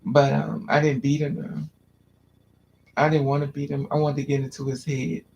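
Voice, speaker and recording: A man chatting casually, telling childhood stories in an animated way and acting out the voices of people he quotes. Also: on the high side, normal speed, gravelly, dull audio, slight background noise. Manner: animated storyteller, squeals and acts out quotes. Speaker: podcast host. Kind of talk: casual chat.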